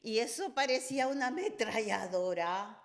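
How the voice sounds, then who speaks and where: An older woman, the host's mother and a guest on the podcast, telling embarrassing stories in a lively, confessional way. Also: on the high side, brisk. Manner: animated, confessional anecdote telling. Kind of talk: casual storytelling chat.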